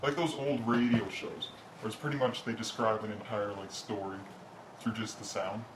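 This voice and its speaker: A man's voice: lowish voice, steady tone, normal speed. A man co-hosting a podcast, talking casually with friends in a shy, self-conscious way. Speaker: podcast co-host. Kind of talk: casual chat among friends. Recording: echoey room with loud noise.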